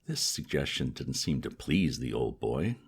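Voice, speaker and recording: A man reading a comic novel aloud as narrator, in a lively storytelling manner. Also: a bass voice, measured pace, husky. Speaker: audiobook reader. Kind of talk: scripted narration.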